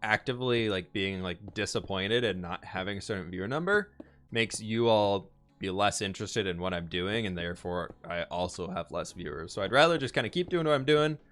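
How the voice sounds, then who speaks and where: A man's voice: fairly low pitch, animated, a little fast, fairly bright tone, soft background music. A man streaming live, chatting casually and thinking aloud as he answers chat and builds in a game.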